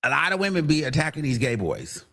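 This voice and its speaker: A man hosting a livestream, talking bluntly and animatedly to his viewers in casual commentary, sometimes mimicking others. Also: fast. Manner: blunt and animated, mimics people in higher voices. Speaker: livestream host.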